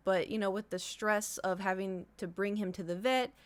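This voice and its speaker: A woman's voice: medium pitch, steady tone, fairly quick, clean tone. Chatty woman streamer telling a story. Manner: rambling storytelling with many fillers. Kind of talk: casual chat.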